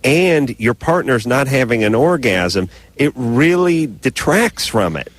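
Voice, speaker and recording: A man hosting late-night call-in radio, mid-pitched and steady. He is blunt and teasing, quick with crude jokes. He pushes callers with pointed questions. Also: no room sound.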